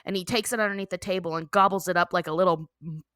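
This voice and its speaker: A woman's voice: lowish voice, fairly even intonation, fast, fairly bright tone, dry recording, clean studio sound. A young adult woman co-hosting a podcast, casually recapping a cartoon episode, laughing often and acting out the characters' lines. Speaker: podcast co-host.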